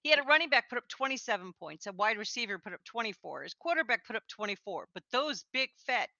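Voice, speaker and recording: Woman co-hosting a chat, animated and laughy, bright lively voice, kinda dull lo-fi sound. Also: on the high side, fast, creaky, no room sound. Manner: animated, laughing, sarcastic asides. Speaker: co-host. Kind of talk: casual chat.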